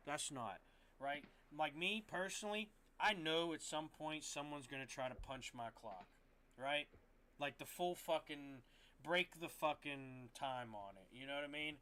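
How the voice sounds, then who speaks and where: Man, gamer streamer, frustrated rant, rambling, bright voice, faint hiss behind. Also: medium pitch. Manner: rambling, frustrated, swears often, restarts sentences. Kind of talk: casual rant to stream chat.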